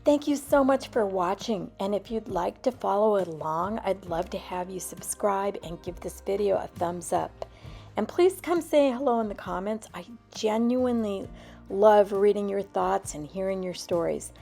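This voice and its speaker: A woman in her seventies with a slightly gravelly, mellow voice. She speaks in a candid, reflective, conversational way, like a personal vlog, with quiet music underneath. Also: medium pitch, moderate pace. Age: 70s. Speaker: lifestyle vlogger. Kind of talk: casual personal vlog talk.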